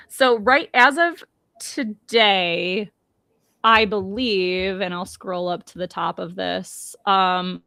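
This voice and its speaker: A woman's voice: medium pitch, vocal fry, a bit bright, dry recording. A woman co-hosting a casual podcast, chatty and full of ums and restarts. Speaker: podcast co-host.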